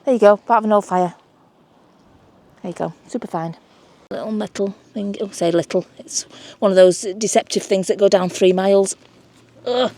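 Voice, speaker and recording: A female mudlarking vlogger hosts from the beach, her mellow mid-range voice at normal speed. She chats casually while searching, exclaiming over her finds.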